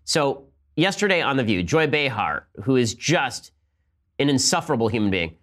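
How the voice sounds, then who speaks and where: A man hosting a political talk show, with a fast, sarcastic and combative delivery full of asides. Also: medium pitch, very animated, fairly bright tone. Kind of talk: fast opinionated commentary with ad read.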